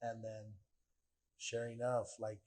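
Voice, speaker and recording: A man's voice: medium pitch, slow, rough recording. A man guest on a podcast telling a story casually, acting out quoted dialogue with lots of fillers and the odd swear. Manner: animated, acts out quoted dialogue, swears freely, heavy filler "like".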